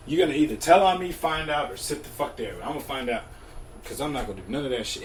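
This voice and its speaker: A man's voice: mid-range voice, lively intonation, brisk, a little hiss or hum. A young man casually telling funny stories, laughing often and acting out the other people's lines. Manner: laid-back, laughs often, swears freely; acts out dialogue in shifting voices. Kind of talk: casual storytelling.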